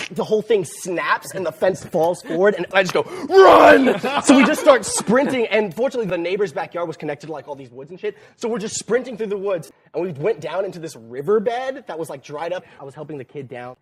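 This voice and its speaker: Fast, eager young man telling a story. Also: sits high, a crowd in the background. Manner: energetic, building to loud bursts. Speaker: podcast storyteller. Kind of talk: animated comedic anecdote.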